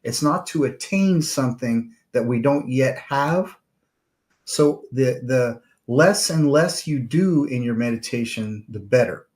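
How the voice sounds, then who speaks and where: A middle-aged man hosts his own show and talks through meditation in a calm, searching way. He circles back on his words, with frequent fillers and restarts. His voice sits at an ordinary middle pitch. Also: unhurried. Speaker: podcast host and therapist. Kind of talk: reflective solo talk on meditation.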